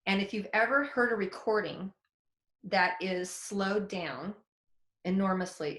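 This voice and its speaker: In an echoey room, a forties-aged woman who teaches psychic development relates a story on a webinar. She speaks a little slowly in a mid-range voice, keeping things animated, frank and relaxed, and lets slip the odd mild swear word.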